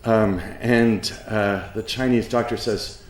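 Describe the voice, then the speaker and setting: A middle-aged man giving a lecture, halting with many ums and uhs, with a dry sense of humor. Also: on the low side, steady tone, roomy sound. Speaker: professor giving a conference talk. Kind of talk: spoken lecture with an anecdote.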